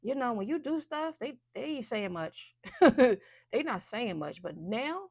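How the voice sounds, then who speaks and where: A woman's voice: on the high side, animated, unhurried, gravelly, dry recording, clean studio sound. A woman giving a casual, chatty intuitive card reading, loose and full of fillers. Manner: chatty, loose, many fillers and restarts, laughs often.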